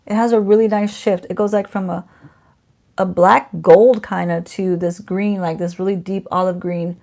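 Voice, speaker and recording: Chatty woman with a gravelly edge. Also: medium pitch, fairly even intonation, moderate pace, mellow. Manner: chatty, self-teasing, talks to someone off camera. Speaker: beauty vlogger. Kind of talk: casual unboxing chat.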